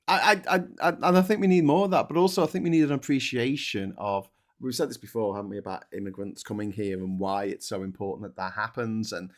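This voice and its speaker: A man's voice: lowish voice, steady tone, quick pace, few pauses. Sweary, blunt man. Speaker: co-host. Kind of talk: casual political chat. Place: remote video call.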